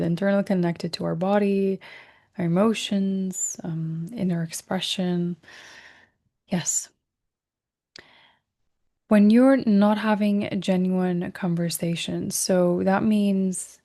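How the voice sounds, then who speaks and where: A woman hosting a recorded self-help workshop. She speaks gently and reflectively, corrects herself mid-sentence, and drops into soft whispers on key words. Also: on the low side, creaky. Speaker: workshop host.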